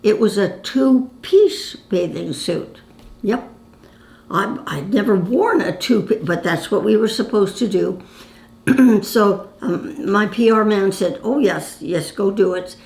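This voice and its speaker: A woman's voice: mid-range voice, lively intonation, slow pace, gravelly, darkish tone. Chatty woman in her nineties. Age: 90s. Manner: chatty, reminiscing, addresses viewer as "my dear". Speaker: actress telling her own stories. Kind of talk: casual storytelling to camera. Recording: roomy echo.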